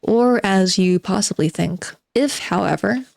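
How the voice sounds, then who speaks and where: A woman's voice: mid-range voice, a little slow, gravelly, no echo, studio quality. A woman reading aloud as a spiteful, bitter forty-year-old male recluse who sardonically lectures his listeners. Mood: sardonic. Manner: sardonic, self-mocking monologue addressed to "gentlemen".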